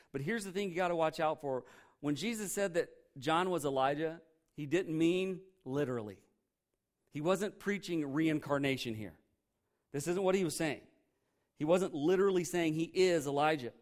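A man preaching a sermon as pastor, emphatic and animated, often repeating phrases for effect. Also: a little high. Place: church.

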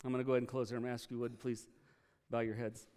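Male pastor, mid-range voice, smooth and resonant, emphatic church sermon delivery. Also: medium pitch, level tone, racing. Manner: emphatic preaching, rising to loud peaks then dropping to soft prayer.

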